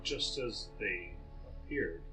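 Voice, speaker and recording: Slow, lively-pitched man at the gaming table. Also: soft background music. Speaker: player. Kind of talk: casual tabletop game chat.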